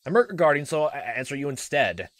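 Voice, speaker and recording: A man voicing an abusive, short-tempered middle-aged uncle who snaps and shouts in a raised, higher voice. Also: big pitch swings, fast talker, no echo. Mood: angry, defensive. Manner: loud, snapping, bullying.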